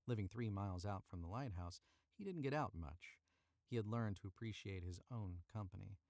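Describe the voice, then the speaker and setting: A man's voice: fairly low pitch, normal speed, darkish tone, no echo, studio quality. A man reading a story aloud on a live stream from a cramped booth, chatting to viewers and redoing lines he stumbles on. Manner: chatty, self-correcting, retakes lines. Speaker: voice actor narrating a story.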